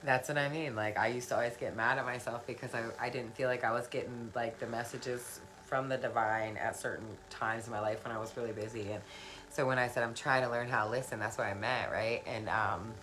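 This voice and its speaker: A woman's voice: rumbling low, fairly even intonation, fairly quick, a bit bright, poor audio. A woman talking casually on a live stream, answering viewer comments in an earnest, encouraging way, laughing often and repeating phrases for emphasis. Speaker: spiritual self-help live streamer.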